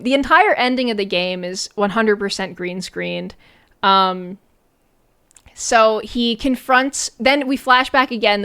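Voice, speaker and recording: A woman's voice: mid-range voice, fairly bright tone, clean tone. A woman streamer giving casual, sarcastic commentary on a movie, talking loosely with lots of filler words. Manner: chatty and sarcastic, many fillers and "like"s.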